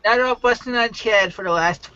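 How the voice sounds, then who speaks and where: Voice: mid-range voice, moderate pace, sharp tone, dry recording, highs cut off. A show host running a live online chat, loose and rambling, passing on viewer comments.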